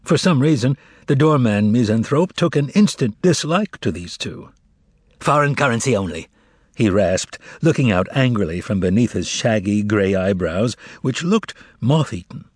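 A male audiobook narrator with a husky voice and a lively, wide-ranging delivery. He reads in measured, expressive literary narration, recorded close and dry. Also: lowish voice, no echo.

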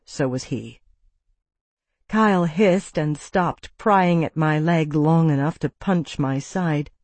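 A woman's voice: sits low, darkish tone, dry recording. A woman reading a first-person audiobook with tense, vivid storytelling. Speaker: narrator.

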